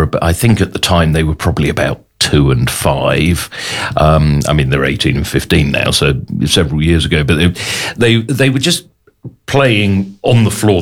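A man in his forties chatting casually, hesitant, with many ums and pauses. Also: sits low. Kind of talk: casual chat.

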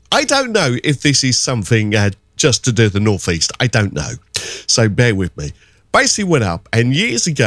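Casting: middle-aged male caller, lively rambling storyteller, close dry sound. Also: on the low side, no room sound. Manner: rambling, animated storytelling with put-on voices. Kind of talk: casual phone-in chat.

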